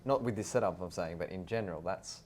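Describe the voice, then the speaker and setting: A male podcast host with a very low voice who talks fast, chiming in with quick technical clarifications. There is a faint hiss of noise behind him. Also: darkish tone. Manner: jumps in with quick technical clarifications and agreeing backchannel. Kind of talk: casual podcast interview.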